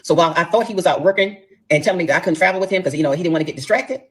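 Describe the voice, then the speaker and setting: A woman's voice: on the low side, racing, slightly rough. A middle-aged woman telling a personal story in a casual, emphatic way, talking straight to her listeners. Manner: emphatic, addresses listeners as y'all.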